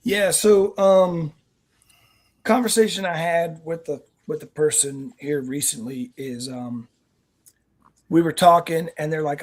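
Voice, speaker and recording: A nonprofit team member appears as a guest on a veterans' talk show, speaking slowly in a mid-range voice. His conversational interview answers are earnest stories that ramble, with many restarts.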